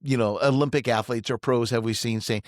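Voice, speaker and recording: Animated middle-aged male storyteller, dry sound. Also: medium pitch, a little fast, dry recording. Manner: animated, acts out quoted dialogue. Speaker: financial advisor, podcast guest. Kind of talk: casual conversational storytelling.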